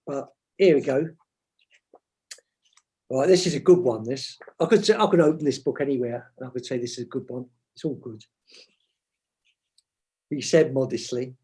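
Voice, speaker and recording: A man's voice: a little high, mellow, slightly rough. A man, a guest author from advertising, chatting and reading from his book with rambling, self-mocking asides.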